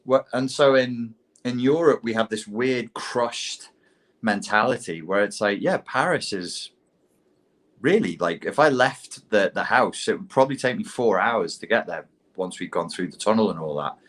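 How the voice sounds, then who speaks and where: A British man co-hosting a casual podcast chat, telling animated, self-mocking stories. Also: fairly low pitch, moderate pace. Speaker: podcast co-host.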